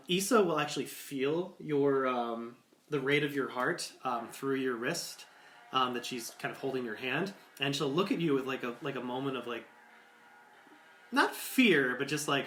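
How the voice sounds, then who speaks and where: A man's voice: medium pitch, fairly bright tone, slight background noise. A man narrating as game master of a tabletop game, rambling with many fillers. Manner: rambling, full of likes and ums. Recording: echoey room.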